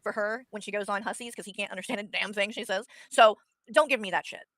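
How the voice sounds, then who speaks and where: A woman's voice: medium pitch, fairly even intonation, fast, a bit bright, dry recording. A woman from the United States talking on her stream, blunt, dismissive and profane. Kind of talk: casual stream talk.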